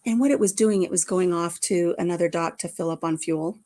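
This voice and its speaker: A middle-aged woman hosting a casual chat, telling a family story in an animated way and acting out the voices. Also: on the low side, fairly quick. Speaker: host.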